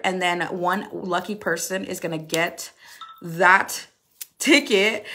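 A woman's voice: medium pitch, pushed and bright. Bubbly woman chatting through a makeup product demo. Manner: bubbly, laughs often, swears playfully, many ums. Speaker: makeup influencer selling a product. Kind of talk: casual live product chat.

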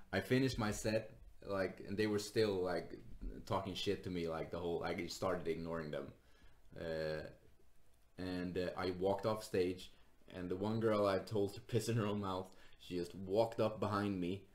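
A man, a stand-up comedian and podcast guest, telling stories casually, laughing often and acting out other people's voices. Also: lowish voice. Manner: animated, laughs often, acts out voices, swears. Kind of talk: casual storytelling.

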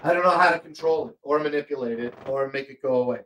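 A man's voice: mid-range voice, fast talker, fairly bright tone, slight background noise. A man hosting a livestream shopping show from a home studio, chatting casually and rambling with many fillers, his voice strained and breaking. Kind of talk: casual livestream product chat. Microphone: desk microphone, more than an arm's length away.

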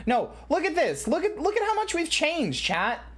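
Bubbly, animated woman streamer. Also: high-pitched, moderate pace. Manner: excitable, animated, swears, repeats herself. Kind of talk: casual live-stream chat.

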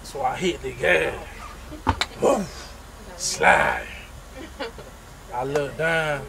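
A man telling a funny story about himself in a casual, profane, animated way, making his own sound effects. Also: a little high, slow, creaky, very noisy.

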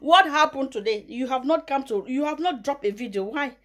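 A young Nigerian woman vlogger giving mocking gossip commentary, often breaking into loud high laughter. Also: lively intonation, a little fast. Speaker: YouTuber.

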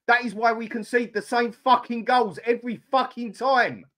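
A man's voice: very high-pitched, moderate pace, fairly bright tone. An angry middle-aged man ranting sweary football opinions on his fan channel live stream, blunt and fuming.

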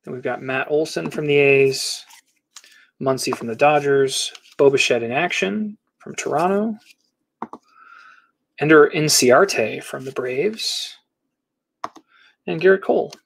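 A man's voice: fairly high pitch, slow pace, creaky, pauses often, a little hiss or hum. A middle-aged man hosting a casual live card break, rattling off player names and teams as he opens packs.

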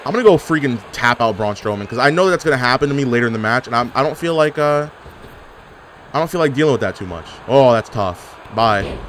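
Young male gaming commentator, lively pitch, sarcastic trash talk, faint background noise. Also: fast talker. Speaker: gaming YouTuber. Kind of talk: live gameplay commentary.

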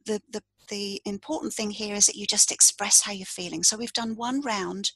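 A woman coach walks the listener through a tapping routine point by point, calm and instructive, speaking the tapping phrases aloud. Her voice has a soft, slightly breathy grain at a middle pitch. The sound is dry and close, with no room around it. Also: fairly quick, few pauses, no room sound, poor audio. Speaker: coach and tapping practitioner, podcast guest. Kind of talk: guided tapping demonstration.

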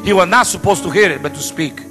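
A middle-aged male pastor telling stories in a sermon, animated with playful asides. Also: sits high, fast talker. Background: piano music.

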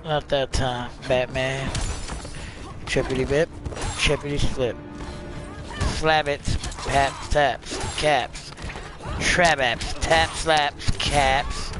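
A man's voice: mid-range voice, fairly even intonation, extremely slow. A man giving casual gameplay commentary, joking, rhyming and making silly noises as he plays. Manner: playful, breaks into rhymes, meows and sound effects. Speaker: gaming channel host. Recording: voice over loud game music. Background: game music.

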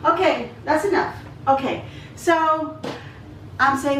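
A woman speaks in a high, somewhat bright voice, a little slowly and with long pauses, as she tells a rambling story while cooking for her vlog. She chats with lots of asides in her home kitchen. The off-mic sound is echoey, with slight background noise.

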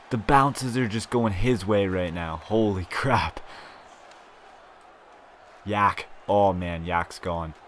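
Speaking in a lowish, unhurried voice over slight background noise, a young gaming YouTuber casually narrates his own live video game match. When things go wrong he mutters and swears, and when they go right he erupts into loud, excited shouts.

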